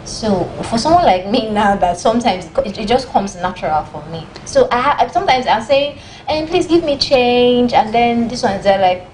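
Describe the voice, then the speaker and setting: A woman's voice: mid-range voice, lively intonation, moderate pace, hardly any pauses, a little mellow, rough recording. Nigerian woman cohost reading comments, earnest, little bit of noise in the background. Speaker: co-host reading viewer comments. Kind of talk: studio panel discussion. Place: studio.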